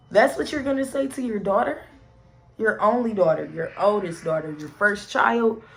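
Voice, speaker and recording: A young woman telling a personal story to her viewers in an animated storytime vlog, talking straight to them and swearing freely. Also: fairly high pitch, rough recording. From St. Louis area, USA. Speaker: vlogger.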